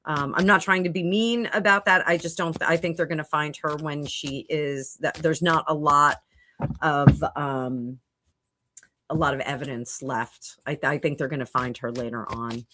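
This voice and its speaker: A middle-aged woman talks casually to her livestream viewers as a psychic, wandering through thoughts with lots of ums and restarts. Her voice sits on the lower side. A faint hiss runs under the recording. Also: fairly even intonation, moderate pace, bright, forceful tone. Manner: rambling, thinks aloud with many fillers and restarts. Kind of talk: casual livestream chat answering viewer comments. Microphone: computer mic at a home livestream.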